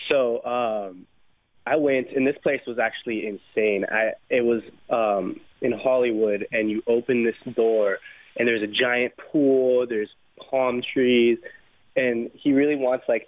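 A young male actor calling in to a radio show, talking in a relaxed, casual way with lots of fillers. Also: mid-range voice, no echo. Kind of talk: phone interview. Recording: tinny phone line.

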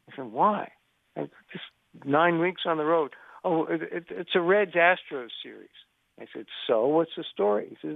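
Over the phone to a radio show, an older man who works as a sports journalist speaks at normal speed in a creaky voice on the high side, free of room sound. Animated and anecdotal, he acts out the quoted dialogue as his long story goes on.

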